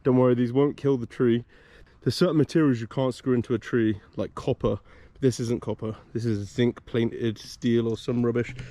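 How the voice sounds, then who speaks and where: Out in the woods, a UK wild camper chats to camera in a casual vlog, explaining his kit one step at a time. His hushed, near-whispered mid-range voice moves at a moderate pace with fairly even intonation and hardly any pauses, and there's no room sound.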